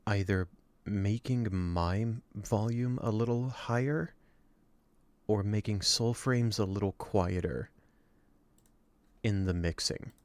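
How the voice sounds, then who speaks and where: A tired man streaming a game, chatting casually in a dry, low-energy way. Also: takes it slowly, a little mellow, dry recording.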